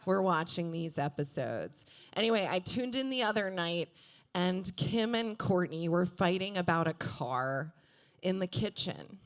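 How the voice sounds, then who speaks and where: Slow-talking woman stand-up comic. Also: on the low side. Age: 30s. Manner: deadpan asides, acts out quoted voices. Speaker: stand-up comedian. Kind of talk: stand-up comedy set. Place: comedy club stage with audience.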